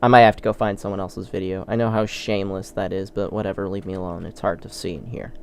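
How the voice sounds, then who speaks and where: This gaming channel host's voice sits low and is gravelly yet clear and resonant, and he talks fast. He rambles through a let's play with excitable, self-deprecating commentary.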